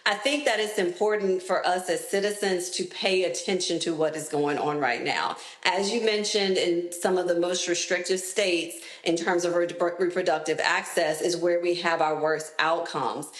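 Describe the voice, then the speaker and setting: A woman interviewed as a health expert, answering in a clear, deliberate, explanatory way. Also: fairly low pitch, fairly even intonation, echoey room.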